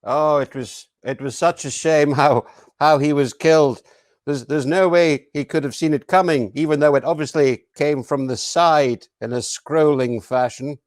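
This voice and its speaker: A man's voice: fairly high pitch, normal speed, no room sound, clean studio sound. A man in an improv guessing game, flustered and stammering through his denials. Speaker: improv performer.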